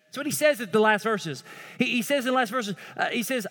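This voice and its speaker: A male pastor preaching a sermon with impassioned swings from loud pleading to hushed tones. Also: very high-pitched, lively intonation, fast, in a large hall.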